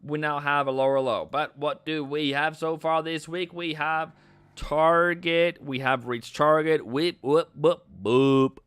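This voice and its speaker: A man's voice: a little high, fairly even intonation, measured pace, a bit bright, clean tone. A man from Norway, hosting a casual live trading stream, playful and chatty with viewers, tossing in silly sound effects. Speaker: forex trading livestream host.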